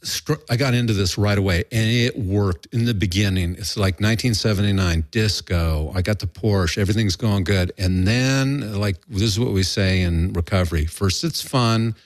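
A man's voice: on the low side, moderate pace, hardly any pauses, dry recording, studio quality. An older man telling a rambling, profane story in a candid interview, acting out quoted voices. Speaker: guest.

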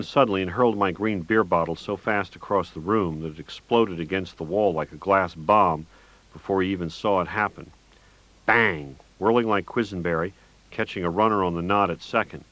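A man with a very low voice reads a first-person story, dry and wry, then turns loud and manic in his own lines of dialogue. The recording is close and dead, with no room sound. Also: moderate pace, dry recording, low-quality recording. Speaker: audiobook narrator. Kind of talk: first-person audiobook narration.

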